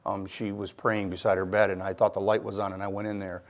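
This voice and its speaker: A man's voice: deep voice, little pitch movement, fast talker. A middle-aged man from Michigan giving his personal faith testimony, telling it earnestly and acting out the voices of people he quotes.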